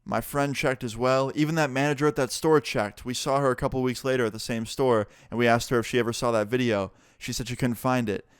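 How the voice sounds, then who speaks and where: Young guy vlogger doing a story time, smooth clear voice, swears a lot, dry close sound. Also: mid-range voice, brisk, few pauses, dry recording. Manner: animated, swears freely.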